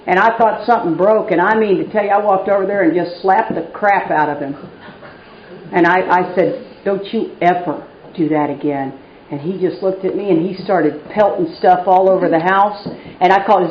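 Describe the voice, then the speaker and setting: A woman's voice: mid-range voice, slight background noise. Candid middle-aged woman telling her story. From Texas. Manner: candid, wry, self-mocking storytelling. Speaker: recovery meeting speaker. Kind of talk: personal testimony talk. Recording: roomy, dull live recording.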